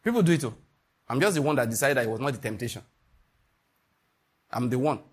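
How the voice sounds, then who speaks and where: A man's voice: mid-range voice, animated, fast talker, slightly rough. A middle-aged Nigerian man preaching a sermon, emphatic, asking the listeners questions and acting out little scenes.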